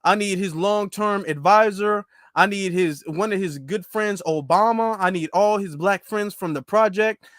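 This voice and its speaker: A man's voice: high-pitched, normal speed, few pauses, fairly bright tone, no echo, studio quality. A man doing a blunt, pushy older woman politician. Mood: insistent.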